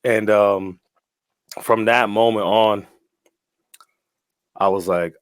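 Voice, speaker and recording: A man's voice: fairly low pitch, steady tone, slow, long pauses, dry recording, clean studio sound. A young man telling his story casually as a guest, slangy and often laughing, with lots of "like" and "bro.".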